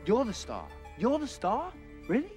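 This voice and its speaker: Lively, wondering young heroine. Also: female voice, on the high side, normal speed, over music. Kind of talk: film trailer dialogue.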